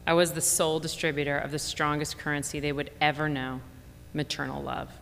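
A woman's voice: flat delivery, brisk, vocal fry. A woman narrating a memoir in a wry, reflective tone. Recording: long reverb, faint rumble.

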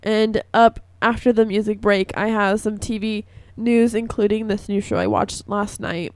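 Hoarse young woman on college radio, chatty and gushy, dry close sound. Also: medium pitch, fairly even intonation, normal speed, no room sound. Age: young adult. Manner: chatty and gushing, filler-heavy. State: hoarse with a cough. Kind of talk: casual radio chat. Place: radio studio.

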